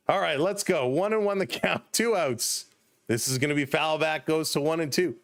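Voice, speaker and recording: A man's voice: a little high, lively intonation, moderate pace, fairly bright tone, no echo. Chatty Canadian man calling baseball. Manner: chatty, reads viewer chat and laughs often. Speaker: live stream host. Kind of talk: casual play-by-play commentary.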